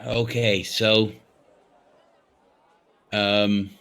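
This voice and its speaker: A man's voice: lowish voice, level tone, extremely slow, a bit bright, smooth, a faint crowd. A man chatting casually as a tabletop game player, joking and a little scattered.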